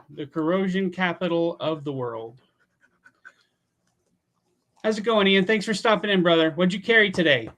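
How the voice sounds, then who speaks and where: Man around fifty, from Pennsylvania, casual livestream host, chatty, swears freely, somewhat high voice. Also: animated, normal speed, fairly bright tone. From Pennsylvania, USA.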